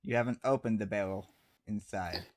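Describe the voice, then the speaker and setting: A man running a tabletop game as game master, describing scenes in a plain, unhurried way. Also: lowish voice.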